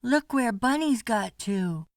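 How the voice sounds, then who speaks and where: A man doing a soft, caring little girl. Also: extremely high pitch, expressive, slow, vocal fry, no echo, pitched above the performer's own voice, heavily acted. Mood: fretting. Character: caring young girl, Debbie.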